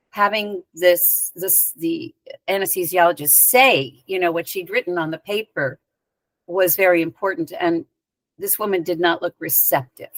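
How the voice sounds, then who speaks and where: A woman guest in an interview, telling a personal story in a lively conversational way with casual asides. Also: lowish voice, no room sound. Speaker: spiritual teacher and guest.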